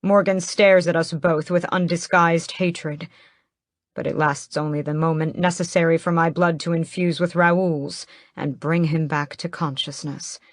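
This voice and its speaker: A woman narrating a first-person fantasy audiobook in a measured, steady way, close to the mic. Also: low-pitched, dry recording.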